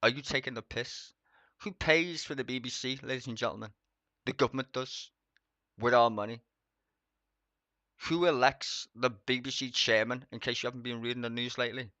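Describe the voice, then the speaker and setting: A man's voice: medium pitch, fairly even intonation, normal speed, pushed and bright, no echo. Sweary man rambling over news. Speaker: streamer. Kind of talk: casual political commentary.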